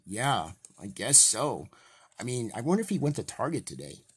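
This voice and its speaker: A man's voice: medium pitch, big pitch swings, normal speed, slightly rough. A man voicing a cheerful male mayor toy in a fan toy play, casual and upbeat as he announces news.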